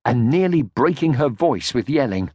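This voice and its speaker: A man reading a children's storybook aloud in an expressive, gently paced way, close to the mic. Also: medium pitch, normal speed, no room sound. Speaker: audiobook narrator. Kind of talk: scripted storybook narration. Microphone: close studio mic.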